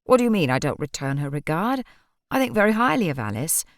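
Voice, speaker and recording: A woman's voice: lowish voice, big pitch swings, fast talker, dry recording, clean studio sound. A woman reading an audiobook voices a flustered, mild-mannered male shopkeeper who turns huffy and pleading.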